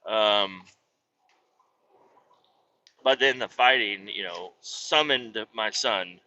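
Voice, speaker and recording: A man in his thirties casually telling stories about his kids and his work, animated and swearing freely. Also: on the low side, drawn-out words. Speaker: vlogger, truck driver. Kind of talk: casual storytelling vlog. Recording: dull lo-fi sound.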